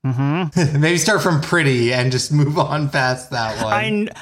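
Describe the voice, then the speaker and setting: A man, a guest on a comedy podcast, chatting casually in a hesitant, halting way. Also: fairly high pitch, lively intonation, a bit bright.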